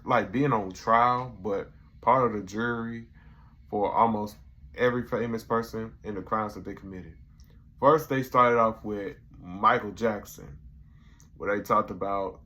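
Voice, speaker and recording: A man's voice: lowish voice, a bit bright. A young man casually reviewing a comedy episode in a loose, slangy way, acting out the quotes as he retells the scenes. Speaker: YouTube reviewer.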